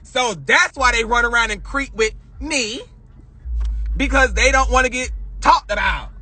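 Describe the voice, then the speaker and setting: A young man with a very high, bright voice and a husky edge, venting to his viewers from his parked car. He talks in a style, emphatic and full of swearing, addressing the audience directly. It sounds like a phone recording. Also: measured pace. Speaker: vlogger. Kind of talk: heated casual rant to viewers. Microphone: phone camera.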